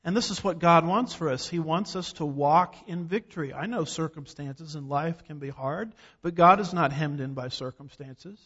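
Man, preaching in an emphatic, folksy way; high voice, long reverb in a big hall, dull sound. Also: normal speed, hardly any pauses, fairly bright tone, slightly rough. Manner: emphatic, rhetorical questions, folksy asides. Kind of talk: sermon.

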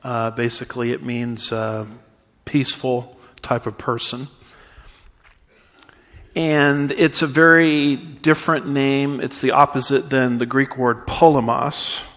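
A male pastor delivers a teaching sermon in a church sanctuary, his mid-pitched voice carrying a long reverb tail. He explains scripture step by step with a steady, unhurried delivery, pausing on uh fillers. The recording is slightly dull and muffled. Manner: measured teaching with frequent uh fillers. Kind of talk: expository sermon.

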